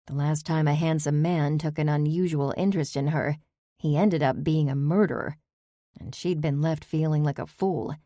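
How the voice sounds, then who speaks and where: A woman narrating a novel in measured storytelling. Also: sits low, fairly even intonation, mellow, no echo, clean studio sound. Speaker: audiobook narrator. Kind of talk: scripted narration.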